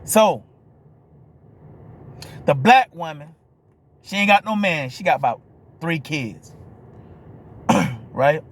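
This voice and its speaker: A man's voice: on the high side, lively intonation, slow, pauses often. A man from New Orleans with a New Orleans accent, ranting to camera in a blunt, profane monologue and asking "you hear me?" over and over. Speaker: vlogger.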